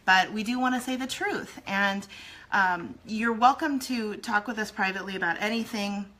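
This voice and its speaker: A woman's voice: medium pitch, normal speed, bright, forceful tone, low-quality recording. A woman co-hosting a casual talk show about marriage, encouraging and teasing her co-host. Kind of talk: casual chat.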